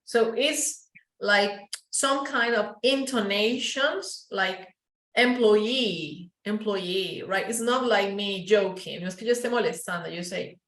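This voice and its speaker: A woman's voice: mid-range voice, a bit bright. Colombian woman teaching English in a roomy space. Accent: Colombian Paisa Spanish. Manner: explains slowly, switching into Spanish, modelling sounds. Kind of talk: online English class.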